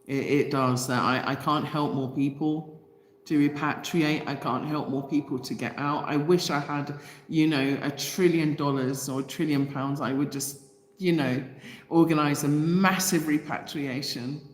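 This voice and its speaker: Speaking unhurriedly in a low voice with fairly even intonation, a woman hosts a livestream and reads out comments from viewers. She's passionate and emotional, addressing her audience directly, with a roomy echo and long reverb in the recording.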